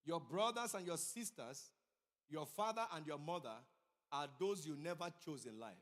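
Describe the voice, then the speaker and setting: A middle-aged man preaching a sermon as pastor. He tells stories, swings between loud emphatic peaks and quiet asides, and asks the congregation questions. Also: fairly high pitch, lively intonation, normal speed. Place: church sanctuary. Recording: long hall reverb.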